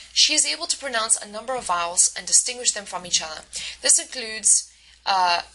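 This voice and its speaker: Bright-voiced woman giving a lecture. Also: medium pitch, rough recording. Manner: explanatory, with frequent fillers and restarts. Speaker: university instructor. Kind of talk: recorded lecture.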